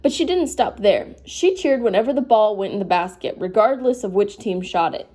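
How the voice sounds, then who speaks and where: A woman's voice: mid-range voice, expressive, moderate pace, warm tone, husky. Sleepy woman reading a novel aloud. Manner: informal, breaks off to apologize and comment. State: sleepy, yawning. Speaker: reader. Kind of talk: casual read-aloud of a novel.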